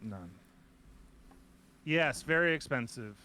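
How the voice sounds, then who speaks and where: Lively, animated man hosting a chatty podcast. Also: medium pitch, slow. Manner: animated, rambling storytelling with many restarts. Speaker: host. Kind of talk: casual podcast chat.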